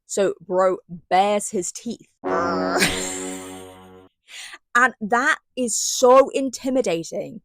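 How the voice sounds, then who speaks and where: A woman's voice: medium pitch, dry recording. Chatty sarcastic woman recapping a book. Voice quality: animated, sarcastic, rambling. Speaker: book reviewer. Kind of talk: casual chat, comic book recap.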